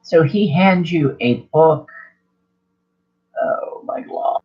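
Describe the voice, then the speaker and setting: A man's voice: a little high, animated, takes it slowly. A man running a horror tabletop game as game master, rambling, self-correcting, swearing casually. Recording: dull lo-fi recording.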